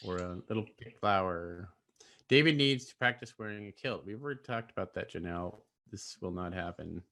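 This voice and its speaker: Bright-voiced teasing man co-host. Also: sits low, fairly quick. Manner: teasing banter. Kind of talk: casual chat.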